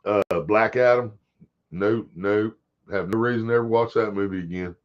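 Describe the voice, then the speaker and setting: A livestream host with a fairly low voice talks to his chat at a moderate pace, rambling and swearing casually. The stream audio is dull and lo-fi.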